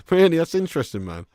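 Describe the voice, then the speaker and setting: A man from England hosting a live football watch-along, chatting casually and reading viewer comments, with sudden excited bursts. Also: on the high side, dry recording, clean studio sound. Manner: chatty, laddish, swings from mumbling to excited bursts.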